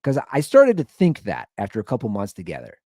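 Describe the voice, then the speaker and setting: A man's voice: lowish voice, wildly swooping pitch, fairly quick, dark tone, dry recording, clean studio sound. A man hosting a comedy podcast, telling a story and acting out both sides of the argument.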